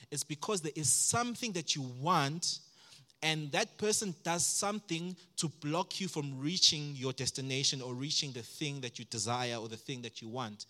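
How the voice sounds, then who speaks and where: A man, a pastor from South Africa, preaching a sermon and telling stories about his own life, sometimes acting out his past outbursts loudly. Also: fairly high pitch.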